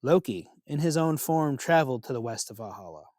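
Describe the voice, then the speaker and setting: A man narrating a myth as a storyteller, expressive and unhurried. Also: mid-range voice, no echo, clean studio sound.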